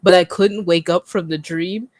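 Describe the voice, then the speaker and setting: Woman, podcast co-host, relaxed and casual, swears freely. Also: fairly low pitch, moderate pace, slight background noise. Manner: laid-back, swears casually while telling a story. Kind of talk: casual chat.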